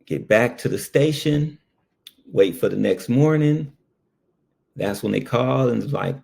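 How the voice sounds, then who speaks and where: A man's voice: medium pitch, measured pace, gravelly, long pauses. A man and former ambulance worker telling a personal story in a casual way, full of fillers and asides. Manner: animated, lots of fillers.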